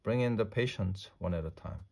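Impatient busy doctor, read by a man, deep, dark, brisk orders. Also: gravelly, husky.

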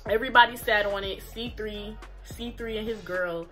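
A woman's voice: medium pitch, normal speed. Young woman, storytime vlogger, salty slang-heavy chat, faint music under her. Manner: profane, slangy, animated storytelling. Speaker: YouTuber telling a story. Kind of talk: casual storytime vlog.

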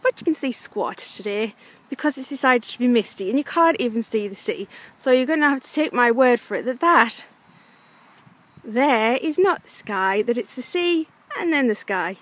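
A woman's voice: on the high side, animated, moderate pace, a bit bright. A young woman from North East England chatting casually to her camera while walking her dog along the coast, frustrated and full of fillers. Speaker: vlogger. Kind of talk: casual vlog narration.

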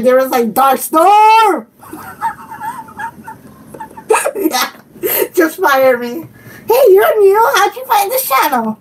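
A woman hosting a casual live stream from home, giggling a lot and chatting to her viewers and her dog. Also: high-pitched. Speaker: channel host. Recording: from a bit far off the mic, faint room noise.

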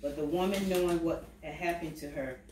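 Guy reading the bible passage out loud, kinda high voice, far from the mic in a roomy church. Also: brisk. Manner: steady reading with short replies to the preacher. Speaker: scripture reader. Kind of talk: reading scripture aloud in a sermon. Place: church sanctuary. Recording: echoey room, mic far off, faint noise.

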